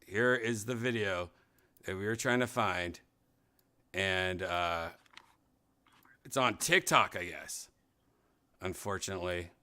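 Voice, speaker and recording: A man's voice: low voice, slow pace, long pauses, sharp tone, smooth. A man hosting a casual podcast chat, brash and teasing, swearing freely. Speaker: podcast host.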